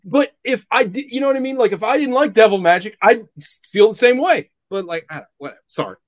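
A high-voiced man rants through a casual podcast chat, swearing often and sounding thoroughly exasperated. The sound is dry and close, with no room around him. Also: expressive, quick pace, dry recording. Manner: profane, ranting, exasperated. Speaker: podcast co-host. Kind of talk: casual movie-review chat.

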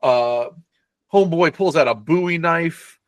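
A man co-hosting a podcast, loosely retelling a movie plot with profanity and quick silly voices. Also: on the high side, no echo. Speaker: podcast co-host recapping a film. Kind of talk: casual chat.

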